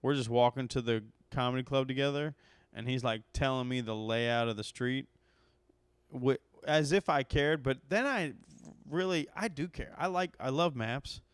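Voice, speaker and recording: A man's voice: mid-range voice, moderate pace, clear, resonant tone, dry recording. A man, a comedian hosting his own podcast, telling a rambling, profane story and getting worked up as he goes. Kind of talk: casual storytelling monologue.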